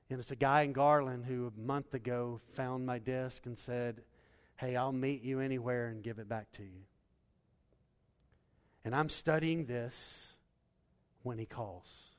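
A man preaching a sermon as pastor, swinging from loud emphatic bursts to hushed endings. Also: mid-range voice, clear, resonant tone, long reverb tail.

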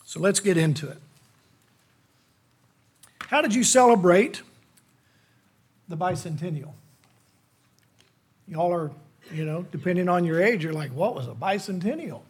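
A man's voice: sits high, a little slow, pauses often. A middle-aged man, a lay preacher delivering a sermon to a church in a folksy, self-deprecating, conversational manner.

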